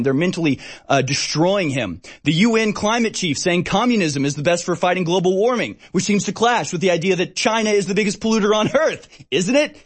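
A man hosting a talk show, running through news stories in an exasperated, sarcastic rant full of fillers and short laughs. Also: fairly high pitch. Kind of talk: ranting news commentary.

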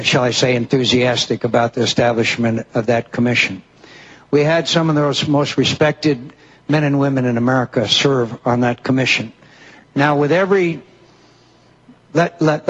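A male senator speaking in a measured, halting, formal way at a public event. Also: mid-range voice, muffled recording. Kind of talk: public speech answering a question.

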